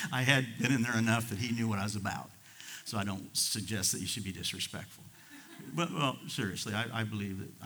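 Folksy preaching man, bright voice. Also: mid-range voice. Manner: folksy storytelling, rising to loud emphatic bursts. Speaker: pastor. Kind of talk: sermon.

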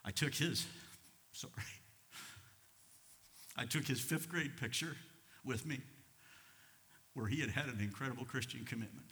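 Fervent preacher man, very bright tone. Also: a little slow, pauses often. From United States. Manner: swings from loud fervent preaching to low, quiet asides. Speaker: pastor. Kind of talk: sermon. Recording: long reverb of a large hall.

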